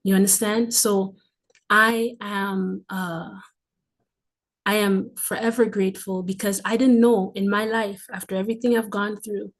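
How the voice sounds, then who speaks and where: A woman in her forties speaks with fervent, emphatic conviction, repeating her phrases to drive them home. Her heartfelt testimony mixes breathy emotional asides with bursts of warmth. Her voice sits at an ordinary middle pitch for a woman. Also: steady tone, unhurried. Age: 40s. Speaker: livestream host.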